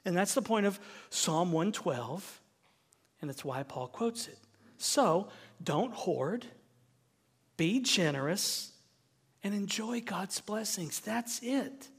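Emphatic Southern pastor preaching. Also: male voice, high voice, expressive, slow, pauses often, slightly rough, big-room sound. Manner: emphatic, repeats key phrases for stress. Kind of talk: sermon. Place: church.

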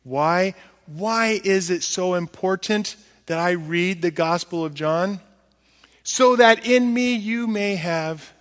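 A man preaching a sermon as pastor, swinging from quiet low murmurs to loud, emphatic high peaks. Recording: long hall reverb.

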